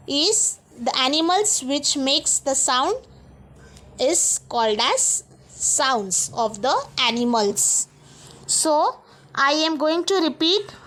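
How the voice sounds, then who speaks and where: A woman's voice: high voice, fairly bright tone. A woman teacher giving a lesson to young pupils, spelling each word out letter by letter and repeating it. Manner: slow, spells words letter by letter and repeats them.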